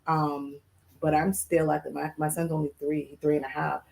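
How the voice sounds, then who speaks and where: A young woman with a low, gravelly voice talks things through on a podcast. She pauses often, fills gaps with soft ums and chooses her words with care. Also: flat delivery, rough recording. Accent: Boston. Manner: thoughtful, hesitant with many ums. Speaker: podcast co-host. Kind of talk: casual chat.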